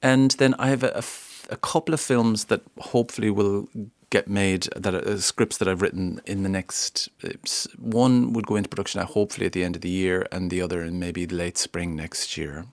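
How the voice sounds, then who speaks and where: Gravelly, low-voiced Irish man. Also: fairly quick, hardly any pauses, dry recording. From Ireland. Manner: relaxed, self-deprecating, laughs often. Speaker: guest, screenwriter and actor. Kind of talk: radio interview chat. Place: radio studio. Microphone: studio microphone.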